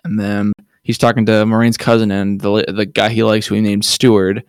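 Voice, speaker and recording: Man, podcast co-host, low voice, casual slangy recap, dry close mic. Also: level tone, a little fast, clean tone, no echo. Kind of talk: casual chat.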